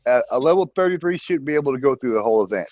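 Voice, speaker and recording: A man's voice: mid-range voice, expressive, racing, a little mellow, no room sound. A man hosting a casual voice-chat show about a strategy game event, easygoing and profane, often chuckling. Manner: laid-back, profane, chuckling. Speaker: podcast host.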